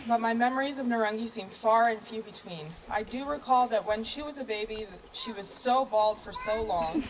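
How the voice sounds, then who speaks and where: A woman's voice: fairly high pitch, rough recording. Woman reading a graduation speech. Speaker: older sister giving a speech. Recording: crowd audible in background.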